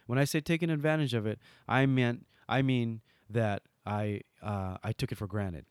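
A man's voice: medium pitch, moderate pace, hardly any pauses, clear, resonant tone, no echo, clean studio sound. A middle-aged man from Hawaii telling stories as an interview guest, acting out quoted dialogue in casual talk. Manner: animated, acts out quoted dialogue. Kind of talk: casual storytelling.

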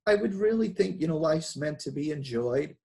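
A man with a Boston accent talks as a guest on an interview podcast. He speaks casually and reflectively, often pausing with fillers and restarting his sentences. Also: on the high side, lively intonation, gravelly, dark tone.

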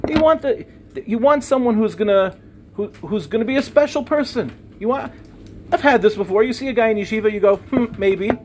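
A young man teaching as a rabbi, telling personal stories in an animated way with humorous asides. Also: high-pitched, a little fast, a little hiss or hum. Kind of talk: Torah lecture with personal stories.

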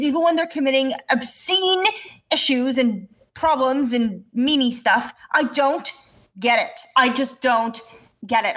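A woman co-hosting a podcast in casual chat, animated and swearing as she rants and laughs. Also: sits high. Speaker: podcast co-host.

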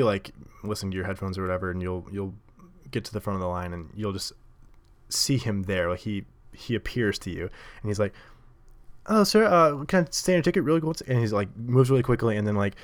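A man hosting a show, telling a story in a rambling, casual monologue full of fillers and self-corrections. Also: on the low side. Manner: rambling, lots of likes and self-corrections, laughs often. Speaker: podcast host.

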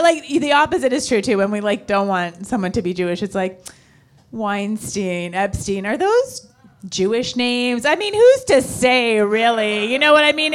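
A woman doing chatty, teasing banter with her partner in a live comedy double act on a stage mic. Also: a little high. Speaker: stand-up comedian.

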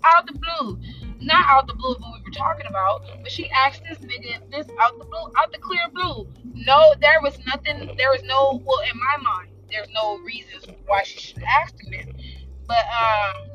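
A woman from South Central hosting a podcast, telling a work story in animated, slangy, unfiltered casual chat and acting out her coworkers' lines. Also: high voice, normal speed, muffled recording, faint music behind. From South Central Los Angeles. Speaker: podcast host.

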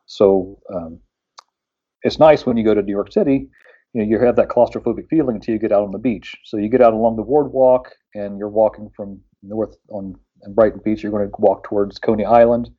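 A man's voice: on the low side, a little fast, breathy edge, phone-quality sound. A man from West Virginia chatting casually on a radio show, rambling with lots of fillers and restarts.

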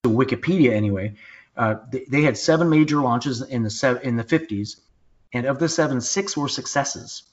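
A man hosting a podcast in casual chat, blunt and quick to swear, often restarting his sentences. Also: medium pitch. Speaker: podcast host. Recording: dull lo-fi podcast audio.

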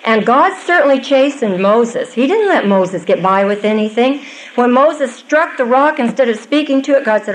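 A woman's voice: on the high side, expressive, moderate pace, slight background noise, rough recording. Earnest older woman teaching scripture. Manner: earnest and conversational, with asides. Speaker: women's Bible teacher. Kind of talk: Bible teaching talk.

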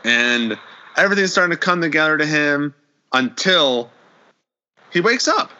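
A man retells a horror episode in casual podcast chat, acting out the characters' lines as he goes. His voice is very bright and swings widely in pitch. The recording sounds dull and lo-fi. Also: big pitch swings, normal speed.

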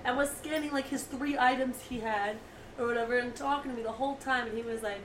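A woman's voice: on the high side, fairly even intonation, fast talker, roomy sound, a little hiss or hum. A woman on a casual podcast, brash and swearing constantly as she tells stories into a studio mic. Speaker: podcast host. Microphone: studio microphone.

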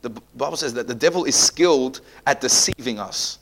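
A man preaching a sermon, asking repeated rhetorical questions and swinging from quiet, low passages to loud, emphatic peaks. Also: expressive, a little fast, creaky. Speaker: pastor.

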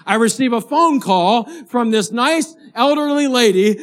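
A man, a pastor, preaching a sermon and telling a story in a lively, animated way. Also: very high-pitched, a little slow, few pauses. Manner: animated storyteller, rising to excited shouting at the climax.

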